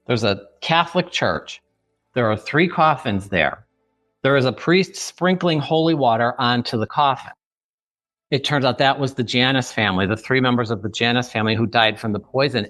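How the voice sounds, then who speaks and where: A Chicago-area book author in his fifties shares an emotional personal story as a podcast guest, vividly acting out dialogue he remembers. His voice is medium in pitch with a fairly bright tone, and the recording is dry.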